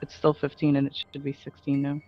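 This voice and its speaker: A woman chatting as a player at a tabletop game, giggly and animated. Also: deep voice, quick pace, highs cut off, faint music behind. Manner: giggly, animated when excited. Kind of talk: casual chat at a tabletop game.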